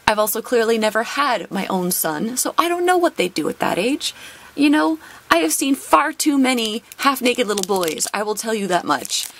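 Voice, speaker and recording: A woman's voice: fairly high pitch, sing-song, normal speed, a little hiss or hum. A young adult woman, a teacher hosting her own channel, tells an exasperated work story with laughs while opening a card box.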